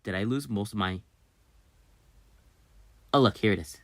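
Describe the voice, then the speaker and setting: Brief: desk-mic host, slow mumbling commentary that jumps into excited shouts, very dry sound. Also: dry recording. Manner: excitable, swings from low muttering to sudden loud outbursts; mumbles half-words and fillers while searching. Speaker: channel host. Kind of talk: casual screen-recorded commentary.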